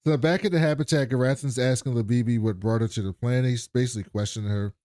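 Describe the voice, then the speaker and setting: A man's voice: mid-range voice, fast talker, warm tone, dry recording, studio quality. A man co-hosting a podcast, animatedly retelling an episode and acting out the quotes in a casual chat. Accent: American. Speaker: podcast co-host.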